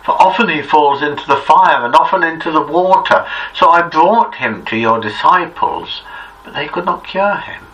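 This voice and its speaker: A man voicing a distraught father who begs for help for his son, pitched higher and pleading. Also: lively intonation, moderate pace, bright, forceful tone. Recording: distant muffled recording, faint hiss.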